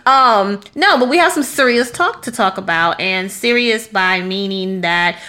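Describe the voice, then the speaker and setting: Bright, chatty woman podcast co-host. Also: mid-range voice, animated, unhurried. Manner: chatty and playful, with frequent self-corrections. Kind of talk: casual chat.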